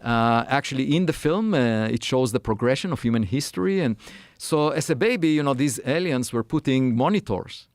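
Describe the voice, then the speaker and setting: A man's voice: medium pitch, expressive, normal speed, hardly any pauses, no room sound. Interview guest, male, reflective and hesitant, dry recording. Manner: thoughtful, many fillers and restarts. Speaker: guest scientist. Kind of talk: conversational interview.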